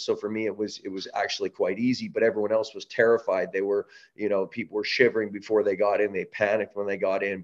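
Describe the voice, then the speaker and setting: A man from Canada, a guest on an interview podcast, telling a story with restarts and lively acted-out quotes. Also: fairly low pitch, muffled recording. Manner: animated storyteller, many restarts, acts out quotes. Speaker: podcast guest, breath-work company founder.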